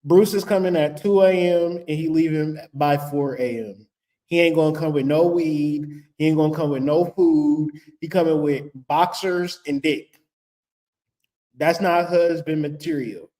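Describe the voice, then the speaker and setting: A man's voice: a little high, steady tone, a little slow, warm tone. Blunt, profane man giving spiritual advice. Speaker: spiritual vlogger. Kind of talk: casual spiritual advice talk.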